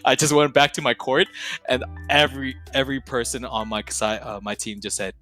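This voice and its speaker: A man's voice: medium pitch, little pitch movement, a little fast, sharp tone, faint music behind. A young man in his twenties, a streamer on a podcast, telling stories in a loose, slangy, profane way and laughing between phrases. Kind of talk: casual storytelling chat.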